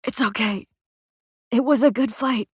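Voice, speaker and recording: A woman voicing a gentle dying young man. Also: medium pitch, brisk, dry recording, studio quality, close to an everyday voice. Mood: tender. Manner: soft, quiet, steady reassurance.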